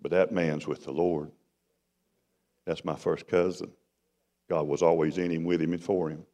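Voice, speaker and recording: Preacher guy telling his story, lowish voice, big echoey church hall. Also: little pitch movement, moderate pace. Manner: dramatic storytelling, swings from loud to hushed. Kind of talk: sermon testimony. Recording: long hall reverb.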